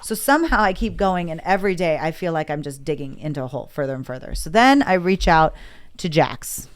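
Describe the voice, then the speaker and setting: A woman's voice: deep voice, brisk. A woman in her thirties, a podcast guest, telling her story in casual chat and acting out quoted dialogue. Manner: animated, acts out quoted dialogue.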